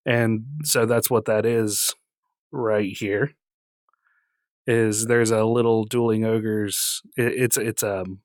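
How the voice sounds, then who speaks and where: A man's voice: fairly low pitch, little pitch movement, slow, no room sound, studio quality. A man hosting a podcast in casual chat, laughing often and trailing off into fillers. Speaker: podcast host.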